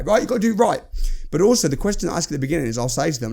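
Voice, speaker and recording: A man in a podcast studio, talking fast and bluntly about sales. His voice sits a bit high and swings widely in pitch, with a gravelly rasp at the edges. He acts out calls as he goes. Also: sing-song, a little mellow. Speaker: entrepreneur guest. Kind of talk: casual podcast conversation.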